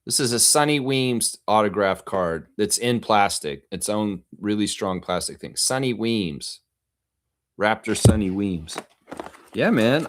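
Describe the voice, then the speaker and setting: A man hosting a casual live stream, excitedly rambling to his viewers as he shows off things. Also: on the low side, unhurried. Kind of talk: casual live-stream chat showing off his card collection.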